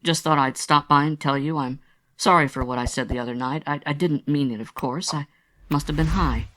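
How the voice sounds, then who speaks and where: A man's voice: fairly high pitch, fairly quick, fairly bright tone, lightly acted. A man voicing an earnest young woman who is apologetic and reassuring in an audiobook reading.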